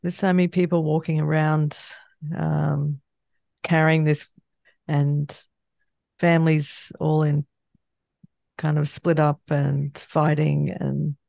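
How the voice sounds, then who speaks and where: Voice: mid-range voice, level tone, slow, creaky, pauses often, darkish tone, dry recording, clean studio sound. A podcast host interviewing a guest, affirming what they hear and thinking aloud as they lead into the next question. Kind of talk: conversational interview.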